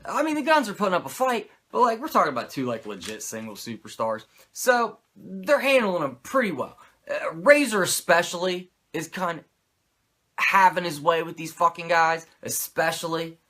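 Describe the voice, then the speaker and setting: A man hosting a podcast, who rambles through a casual wrestling recap full of swearing and fillers. His voice is bright and fairly high, and his pitch swings a lot. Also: very animated, moderate pace. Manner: profane and rambling, with many fillers. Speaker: podcast host.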